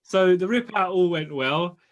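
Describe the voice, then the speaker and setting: A man's voice: high voice, lively intonation, unhurried, dull audio. A young man co-hosting a podcast, telling a story in a laid-back, slangy way with laughs. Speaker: podcast co-host. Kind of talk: casual storytelling chat.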